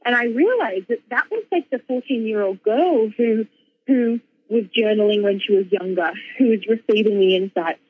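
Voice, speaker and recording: A woman author and speaker telling a personal story in casual conversation, animated, with lots of fillers and laughs. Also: fairly high pitch, moderate pace, slightly rough, narrow, tinny audio.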